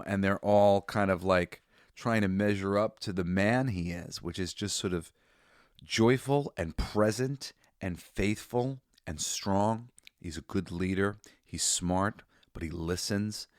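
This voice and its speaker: In clean, echo-free studio sound, a low-voiced man hosts a podcast and delivers an enthusiastic review monologue. He's tearful as he rambles, swears, restarts and laughs in casual conversation.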